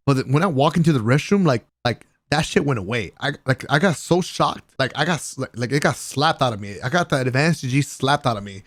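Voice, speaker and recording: A gaming content creator telling a casual vlog story about a party, excitable and profane, often laughing and using slang. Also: male voice, mid-range voice, fast, few pauses, no echo, clean studio sound.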